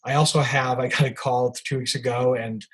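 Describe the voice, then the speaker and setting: A man's voice: mid-range voice, level tone, moderate pace, a bit bright, slightly rough, rough recording. An older man, an author, telling rambling anecdotes as a podcast guest, with many restarts and fillers. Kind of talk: storytelling in a podcast interview.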